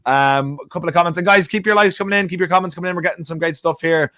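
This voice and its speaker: A man's voice: sits high, racing, sharp tone, no echo. Chatty male fan panel co-host, dry sound. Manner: chatty, jokey, reading out viewer comments. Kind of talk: casual fan panel chat.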